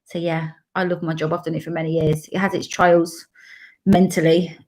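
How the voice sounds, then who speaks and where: A woman's voice: fairly low pitch, little pitch movement, normal speed, darkish tone. A woman from Coventry in her thirties, chatting casually and laughing often on a live stream. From Coventry, England. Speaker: dementia carer and travel vlogger.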